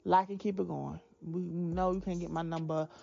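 A woman in her twenties talking candidly to her viewers, blunt and sassy, with emphatic, drawn-out asides and plenty of profanity. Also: lowish voice, flat delivery, vocal fry, mellow, highs cut off, faint music behind. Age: 20s. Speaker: vlogger. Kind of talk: candid casual chat to viewers.

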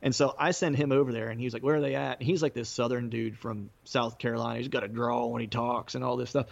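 A man's voice: medium pitch, steady tone, quick pace, vocal fry, lo-fi sound. A man, a musician, telling a loose story in casual talk, full of fillers and frequent laughs. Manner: rambling, peppered with fillers, laughing often.

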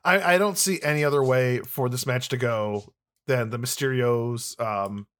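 A man's voice: medium pitch, normal speed, fairly bright tone. A man co-hosting a wrestling podcast in casual chat, easygoing and agreeable, often restarting his sentences.

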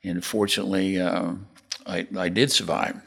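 A man's voice: sits low, steady tone, moderate pace, vocal fry, fairly bright tone, husky. An older man, a developer and podcast guest, telling rambling stories of his career and acting out old conversations. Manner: rambling anecdotes, acts out dialogue. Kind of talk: casual storytelling interview.

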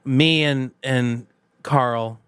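A man's voice: medium pitch, fairly even intonation, very slow, a bit bright, clear, resonant tone, dry recording, studio quality. A man co-hosting a podcast, improvising a comedic movie scene and acting out bits of dialogue. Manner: narrates a made-up movie scene, acting out lines. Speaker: podcast co-host.

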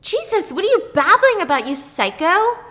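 A woman voicing a flustered, sharp-tongued young waitress who snaps at a customer and panics in a crisis, in a told story. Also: sing-song, heavily acted. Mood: hostile. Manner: shrill, rapid, panicky outbursts.

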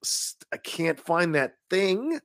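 A man talks films in a relaxed, unfiltered way, his pitch bouncing around with real life. There's a gravelly edge to his voice, and the sound is close and dry with no room around it. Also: slow pace, dry recording. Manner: animated, swearing, laughs often. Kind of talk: casual movie chat.

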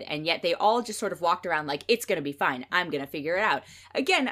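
A woman giving a casual, candid spoken film review, opinionated and animated, voicing little mock quotes. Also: lowish voice.

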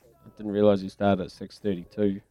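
A man's voice: on the low side, level tone, fairly quick, dark tone, no echo. A man hosting breakfast radio from a studio, chatty and laughing often. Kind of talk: casual radio banter.

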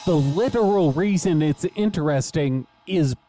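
Deadpan man trading dry quips. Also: fairly high pitch, a little slow, soft background music. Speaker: podcast co-host. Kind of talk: casual chat.

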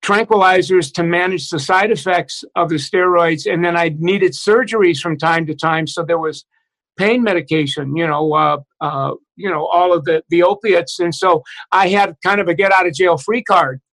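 A middle-aged man candidly telling a personal story as an interview guest, halting often with restarts and fillers. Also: high voice, fairly even intonation, a bit bright, rough recording.

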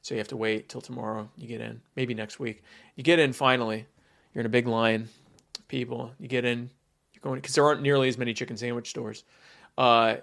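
A man's voice: mid-range voice, gravelly, fairly bright tone. A man from the United States giving a sarcastic, emphatic opinion monologue, with many fillers.

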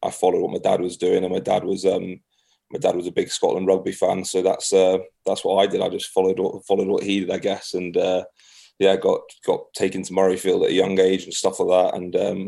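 Young English man, English accent, very low voice, gravelly, easygoing podcast guest. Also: dark tone. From England. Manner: easygoing, self-deprecating, laughs often. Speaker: podcast guest, rugby player. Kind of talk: casual chat.

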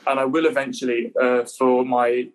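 A man's voice: mid-range voice, normal speed, rough recording. A young English man in his twenties, a guest on a call, talking casually and hesitantly, often repeating himself. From England. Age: 20s. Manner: relaxed, hesitant, repeats words. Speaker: guest, conservatoire pianist. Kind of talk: casual interview chat.

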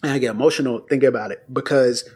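A man hosting a casual conversation, telling a personal story in an animated way. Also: mid-range voice, rapid-fire, husky.

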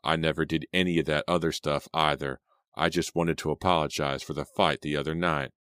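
A man's voice: rumbling low, fairly even intonation, fairly quick, fairly bright tone, clear, resonant tone, no room sound, studio quality. A man voicing a touchy, defensive teenage boy in an audiobook, with a curt, snapping delivery.

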